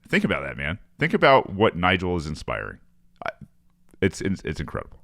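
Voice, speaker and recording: A man co-hosting a podcast in casual political chat, animated and often repeating words as he gets going. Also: low-pitched, fairly quick, vocal fry, no echo, clean studio sound. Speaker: podcast co-host.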